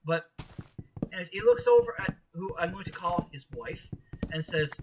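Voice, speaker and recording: A man's voice: high-pitched, moderate pace. A young man from Canada casually telling work stories as a podcast co-host, rambling with many fillers and bursts of animation. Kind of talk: casual storytelling over gameplay. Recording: distant mic with clear background noise.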